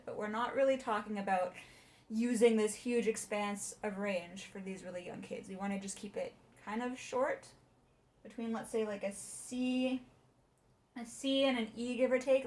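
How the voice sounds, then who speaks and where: A young adult woman voice teacher explaining warm-ups in a chatty way and singing short demonstrations. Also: mid-range voice. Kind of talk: casual video lesson.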